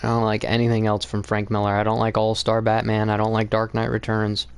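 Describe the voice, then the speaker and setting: A man's voice: fairly low pitch, monotone, fairly quick, clean tone. Blunt, profane young man ranting about comics. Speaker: comics channel host. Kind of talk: casual opinionated monologue.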